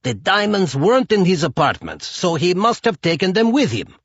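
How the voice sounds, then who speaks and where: A man voicing a volatile, overweight Russian mobster who shouts and pleads. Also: sits high, very animated, normal speed, husky, dry recording, lo-fi sound, pitched above the performer's own voice, heavily acted. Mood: angry. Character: volatile middle-aged Russian mobster, overweight, hot-tempered.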